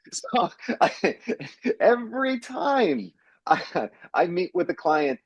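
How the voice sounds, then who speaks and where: A man's voice: a little high, a little mellow, no echo. A man co-hosting a real estate podcast in casual chat, stressing his points by repeating them. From Canada. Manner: emphatic, repeats himself for stress. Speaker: realtor podcast co-host.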